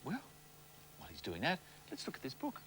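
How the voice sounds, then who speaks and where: A man's voice: fairly high pitch, huge pitch swings, brisk, a bit bright, a little hiss or hum. A man presenting a children's television show, reading a picture book aloud in a playful sing-song way and mimicking animal sounds.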